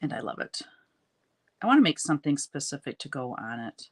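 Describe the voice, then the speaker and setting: Her pitch is extremely low, sing-song and breathy, and she talks fairly quickly. She's a middle-aged livestream host who chats with viewers and says hello while crafting, sounding slightly sniffly from allergies.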